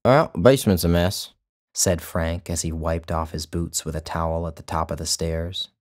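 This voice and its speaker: A man narrating his own short story in a measured, deliberate storytelling manner. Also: very deep voice, completely flat delivery. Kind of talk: scripted narration.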